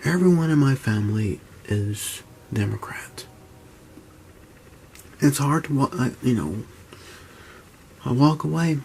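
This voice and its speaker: Young man vlogging in a near-whisper at home, gravelly, with faint background hiss. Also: animated, a little mellow. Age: 20s. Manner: whispering and speaking low, halting, with restarts. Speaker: YouTuber. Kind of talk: hushed vlog talk. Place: at home, indoors.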